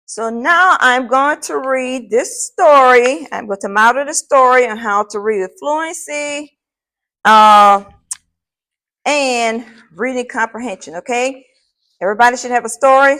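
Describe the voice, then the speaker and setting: A woman's voice: fairly high pitch, a little slow, bright, forceful tone. A woman teacher talking to her class before reading a short story aloud, upbeat and often checking in with students.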